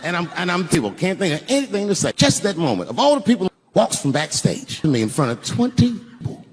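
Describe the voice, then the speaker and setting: A man's voice: high-pitched, fast talker, a little hiss or hum. A man doing stand-up, telling a story with profanity and acting out the scenes. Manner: animated, profane, acts out scenes. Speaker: stand-up comedian.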